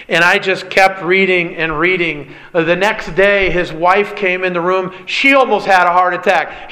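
A man preaching a sermon in an earnest way, dropping low and slow to stress key lines. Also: bright, forceful tone, low-quality recording.

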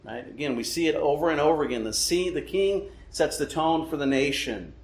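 A man's voice: a little high, animated, fairly quick. A man preaching a sermon, emphatic, often asking rhetorical questions and checking in with "right?". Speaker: pastor. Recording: echoey room.

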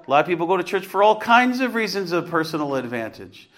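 A man's voice: sits high, sing-song, quick pace, a bit bright. A man preaching an earnest, conversational sermon, rising to emphatic points and putting questions to his congregation. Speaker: pastor.

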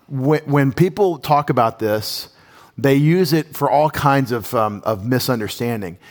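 Animated male pastor, conversational sermon with audience questions, mid-range voice. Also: medium pitch.

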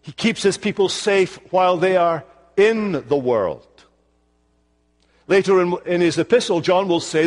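Scottish preacher with lively pitch. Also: male voice. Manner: expressive preaching, slowing for emphasis. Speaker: pastor. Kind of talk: sermon. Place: church sanctuary. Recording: long church reverb.

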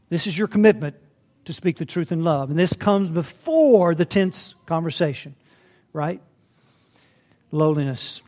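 A male pastor with a high-pitched voice delivers a sermon. He swings between loud, emphatic climaxes and soft, low asides, often asking his listeners "right?". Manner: addresses listeners as beloved, asks rhetorical "right?".

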